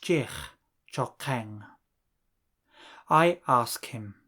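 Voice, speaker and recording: Very slow, deliberate male language teacher. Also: medium pitch, expressive, bright, forceful tone. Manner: slow, deliberate drilling with pauses for repetition. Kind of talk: scripted language lesson.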